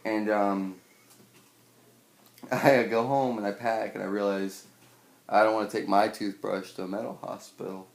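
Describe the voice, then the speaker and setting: A young man in his twenties, swearing a lot and telling a personal story with wry humor, acting out scenes loudly at times. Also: lowish voice, fairly even intonation, a little slow, creaky, long pauses. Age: 20s. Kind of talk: personal storytelling, stand-up style. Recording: echoey room with faint noise.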